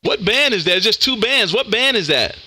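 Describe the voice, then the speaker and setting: A man's voice: sits high, animated, fairly quick, very noisy. A man hosting a ham radio live stream, chatting in an upbeat, casual way and calling everyone "man". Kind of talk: casual on-air radio chat.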